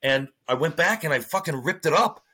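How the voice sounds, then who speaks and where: A man, a former hockey player, telling profane, animated stories in a casual podcast interview. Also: a little high, fairly quick, breathy edge. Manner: profane, animated storytelling with acted-out quotes.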